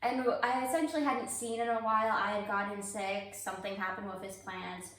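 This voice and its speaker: A woman in her twenties telling a story as a guest in a casual interview, relaxed and dryly joking. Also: mid-range voice, fairly quick, distant mic, a little hiss or hum. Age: 20s. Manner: relaxed storyteller, dry jokes. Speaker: guest, stand-up comedian. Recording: very echoey room, set back from the mic.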